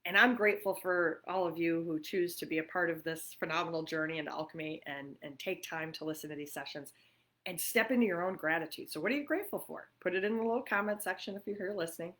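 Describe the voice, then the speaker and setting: A middle-aged woman hosts a relaxed livestream chat from her own living room. Her voice sits slightly low, and she talks in loose, rambling runs, full of fillers and easy laughter. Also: fast. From New York. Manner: chatty, warm-hearted and laughing often, with many fillers. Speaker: livestream host.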